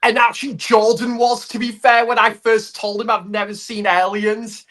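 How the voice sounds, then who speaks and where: A woman, chatting casually on a livestream in an unhurried, hedging way that circles back on itself. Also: a little high, little pitch movement, fairly bright tone.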